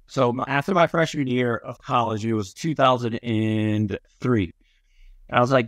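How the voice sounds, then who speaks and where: A man from upstate New York, a podcast guest, telling stories in a relaxed way with lots of ums and likes. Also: medium pitch, moderate pace, no room sound, studio quality. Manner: laid-back, many ums and likes. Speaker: podcast guest, former Olympic swimmer. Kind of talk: casual storytelling chat.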